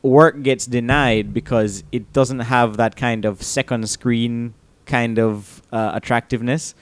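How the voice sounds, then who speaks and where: A man's voice: medium pitch, a little slow, no room sound. A man co-hosting a podcast, casually discussing a film and acting out its scenes as he retells them. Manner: animated retelling with acted-out quotes. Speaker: podcast co-host.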